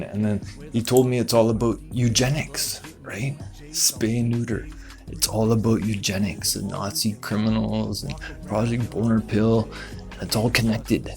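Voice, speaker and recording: A man presenting memes in a comedic, rambling conspiracy monologue, deadpan and full of asides. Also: lowish voice.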